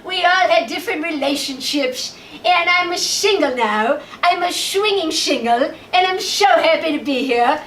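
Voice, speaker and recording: A woman's voice: very high voice, expressive, moderate pace, a bit bright, slight background noise. A woman doing a gushing, lisping aging diva. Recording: echoey club, heard from a distance.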